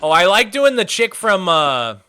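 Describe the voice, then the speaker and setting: Upbeat, bright-voiced male streamer. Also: sits high, big pitch swings, a little slow, clear, resonant tone. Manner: chatty, enthusiastic, rambling. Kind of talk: casual livestream chat.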